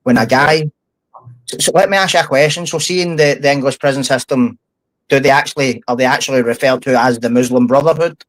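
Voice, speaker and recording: A man's voice: medium pitch, brisk, no room sound, low-quality recording. A Scottish man in casual podcast chat. He is blunt and heated and swears often. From Scotland. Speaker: podcast guest, former prisoner.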